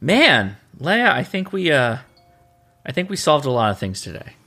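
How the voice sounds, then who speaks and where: A man's voice: a little high, sing-song, normal speed, bright, forceful tone. A man co-hosting a podcast in casual chat, rambling and correcting himself as he goes. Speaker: podcast co-host.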